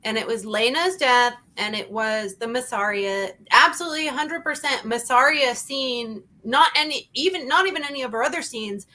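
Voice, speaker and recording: A woman hosting a casual review chat, talking in an animated, emphatic way and repeating her points. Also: a little high, normal speed, few pauses. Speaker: channel host.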